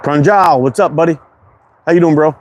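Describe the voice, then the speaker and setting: A man's voice: a little high, moderate pace. A man from Canada with a Quebec accent, casually hosting an outdoor livestream and greeting viewers from chat. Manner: reads chat names aloud, laid-back and friendly, swears casually. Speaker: slingshot livestream host. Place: outdoors in cold wind. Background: wind and outdoor ambience.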